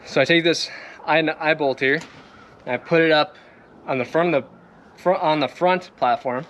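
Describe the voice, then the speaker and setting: A young man from Minnesota or the Midwest casually shows his boat setup in a fairly high, fairly bright voice at a moderate pace. His talk is rambling, heavy on fillers, and full of laughter as he moves around. The camera is set on the boat, so his distance varies, and the outdoor recording has clear background noise.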